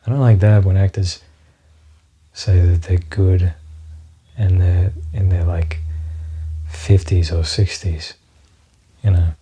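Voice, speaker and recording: A man with a low, husky voice rambles through a solo podcast monologue. He swears freely, trails off into fillers and keeps getting sidetracked. His tone is dark and mellow. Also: steady tone, slow pace, long pauses. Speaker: podcast host.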